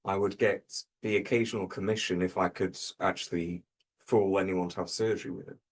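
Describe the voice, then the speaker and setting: Husky man telling a dark tall tale. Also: sits low, fairly even intonation, a little fast. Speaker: comedy panelist.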